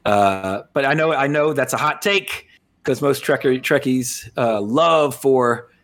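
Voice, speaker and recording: A man's voice: mid-range voice, a little slow, fairly bright tone. A man co-hosting a podcast in casual chat, rambling with fillers and restarts. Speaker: podcast co-host.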